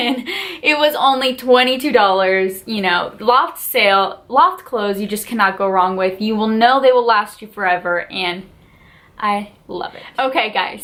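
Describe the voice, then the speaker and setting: A woman's voice: fairly high pitch, fairly bright tone. A woman vlogger gushing in a casual haul and unboxing video, chatty and full of fillers like "like" and "just".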